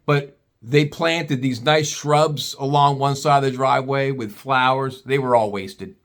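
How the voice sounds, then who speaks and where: A man telling a funny story in a casual, animated way, mocking the people in it and swearing freely. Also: medium pitch, a little slow.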